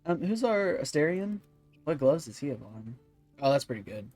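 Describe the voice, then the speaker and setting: A man's voice: fairly high pitch, very animated, normal speed, darkish tone, faint music behind. A man hosting a let's-play video, rambling and thinking aloud with many fillers. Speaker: gaming channel host.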